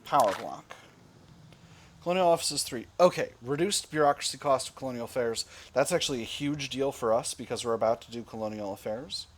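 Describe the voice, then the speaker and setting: A man's voice: mid-range voice, a little fast, hardly any pauses, a little hiss or hum. A man commenting on a strategy game he is playing, thinking aloud with dry, wry asides. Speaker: gaming video host.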